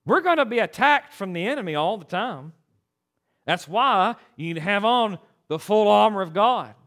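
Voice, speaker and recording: The clip captures a man preaching from the pulpit, a pastor whose strikingly high voice swings around with animated emphasis. He drives his points home in a bright, sharp tone, often stumbling and restarting quickly.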